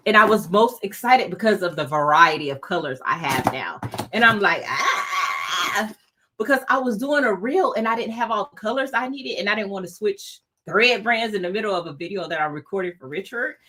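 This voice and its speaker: A woman's voice: medium pitch, lively intonation, moderate pace, background noise. A woman hosting a casual crafting livestream, bubbly and chatty, laughing often and talking straight to her viewers. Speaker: crafting channel host.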